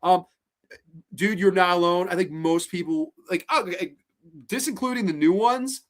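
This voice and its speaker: Profane, animated streamer in late twenties. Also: medium pitch, normal speed. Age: late 20s. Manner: animated, swears a lot, frequent restarts. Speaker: live stream host. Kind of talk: casual live stream chat, reacting to viewer comments.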